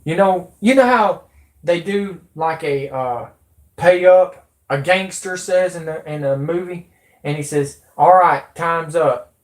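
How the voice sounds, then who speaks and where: A man's voice: fairly high pitch, measured pace, reverberant. Agitated man ranting to his viewers. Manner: agitated, rambling, swears freely, addresses viewers as folks and y'all. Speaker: conspiracy vlogger. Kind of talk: ranting livestream monologue.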